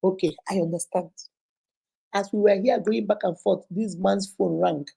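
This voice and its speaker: A woman hosting a live stream, telling a story in an animated, dramatic way. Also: medium pitch, moderate pace, gravelly, slight background noise. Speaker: host.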